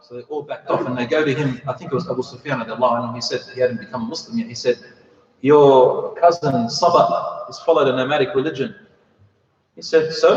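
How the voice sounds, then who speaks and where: Lively British preacher in an echoey hall. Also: male voice, fairly high pitch. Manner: lively, acts out dialogue with joking asides. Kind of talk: storytelling sermon. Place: mosque hall. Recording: echoey hall, distant mic, dull sound.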